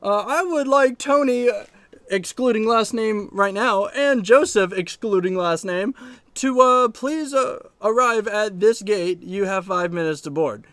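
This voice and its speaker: A man voicing an airport gate agent who pages passengers over the intercom, halting and full of fillers. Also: high-pitched, fairly bright tone, no room sound, voice pushed up. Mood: paging. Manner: halting, filler-heavy page.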